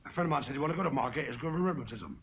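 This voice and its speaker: A hoarse man giving an after-dinner comedy speech as guest of honour, trading deadpan one-liners and self-mocking asides in front of a lunch audience. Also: medium pitch, very fast, heavy background noise. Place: banquet hall before a lunch audience. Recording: muffled archive recording, echoey banquet hall, loud laughing crowd.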